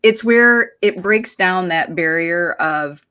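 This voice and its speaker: Reflective woman with a lowish voice. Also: takes it slowly, pushed and bright, clean tone. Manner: reflective, persuasive, many rhetorical "right?". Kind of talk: casual podcast chat.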